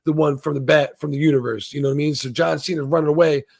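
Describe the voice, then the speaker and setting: A man's voice: fairly high pitch, fairly even intonation, quick pace, vocal fry, darkish tone, no echo. A man hosting a casual, rambling and profane review of a TV episode. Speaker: show reviewer, channel host.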